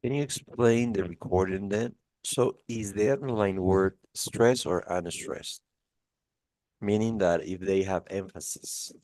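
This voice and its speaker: A man's voice: fairly low pitch, unhurried, a little mellow, no room sound. A man tutoring a student one-on-one, patiently going over test answers with many restarts. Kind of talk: one-on-one lesson review.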